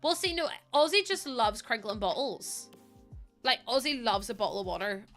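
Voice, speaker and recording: A young woman chats her way through a building game on stream, her voice bright and a touch high. She rambles easily, full of fillers and casual swearing. Soft music plays faintly behind her. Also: lively intonation, moderate pace. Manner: rambling and chatty, with many fillers, swearing freely. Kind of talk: casual chat while playing a building game.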